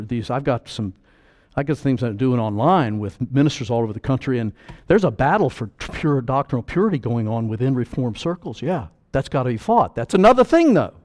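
A middle-aged man preaching a sermon, emphatic, swinging between loud declarations and quiet, slowed-down asides. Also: fairly high pitch.

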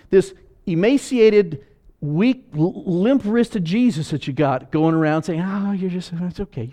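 A man preaching a sermon as pastor, animated and acting out voices, moving between loud and soft. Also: mid-range voice.

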